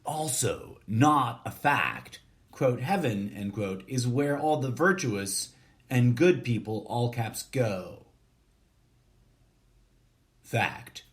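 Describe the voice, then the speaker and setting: A man reading a short story aloud in a deadpan, measured way, even speaking the punctuation and formatting. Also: medium pitch.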